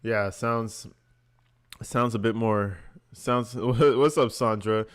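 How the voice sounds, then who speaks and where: A man's voice: fairly low pitch, steady tone, slow pace, clean tone. A man giving blunt, profane reaction commentary, mocking what he hears and laughing often. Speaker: online commentator reacting to recordings.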